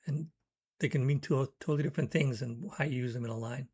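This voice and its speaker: Speaking quickly in a medium-pitched voice that is a little mellow and slightly rough, a poetry teacher walks through how he composes poems. His manner is thoughtful and instructive, and he reads short word examples in this educational talk.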